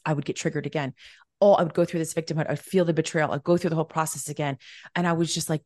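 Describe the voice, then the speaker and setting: A middle-aged woman telling a story in a casual, lively way, acting out the back-and-forth. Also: low voice, fast talker, no room sound, clean studio sound. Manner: animated, acts out quoted exchanges. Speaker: podcast guest, wealth mentor.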